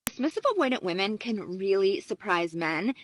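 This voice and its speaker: A woman social psychologist giving relationship advice in a clear, assured, explanatory way. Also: medium pitch, animated, normal speed, a little hiss or hum, rough recording. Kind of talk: advice video to camera.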